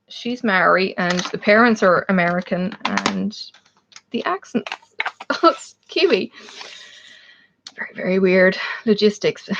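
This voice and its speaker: A woman's voice: mid-range voice, fairly bright tone, a little hiss or hum. Chatty Australian woman host; rambling, easy live-chat delivery with frequent laughter, a bit muffled. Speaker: livestream host. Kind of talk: casual chat with live viewers.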